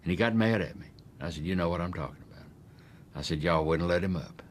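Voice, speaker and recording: An older man, recalling events in a documentary interview and acting out the dialogue forcefully. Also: low-pitched, quick pace, a little hiss or hum. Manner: emphatic, acts out quoted dialogue.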